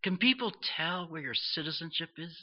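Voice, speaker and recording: A man preaching a sermon in an earnest, questioning way, pausing between phrases. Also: fairly high pitch, lively intonation. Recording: dull lo-fi sound.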